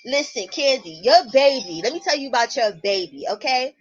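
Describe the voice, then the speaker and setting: A woman, host of a casual livestream, telling stories to her viewers at home in a blunt, profane, animated way. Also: high-pitched, fairly quick, breathy edge, faint music behind. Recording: muffled lo-fi stream audio.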